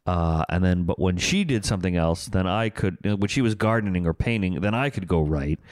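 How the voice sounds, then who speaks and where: A man's voice: low voice, brisk, darkish tone, dry recording, clean studio sound. A man in his fifties talking casually about albums, rambling with many restarts and retold stories. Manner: rambling, full of restarts, retells stories with quotes. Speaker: podcast co-host. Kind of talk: casual music chat.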